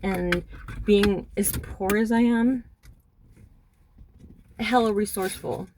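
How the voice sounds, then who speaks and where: A middle-aged woman talking through a personal monologue, halting and reflective with many pauses and fillers, recorded in a car. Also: mid-range voice, fairly even intonation, noisy background. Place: in a hot car.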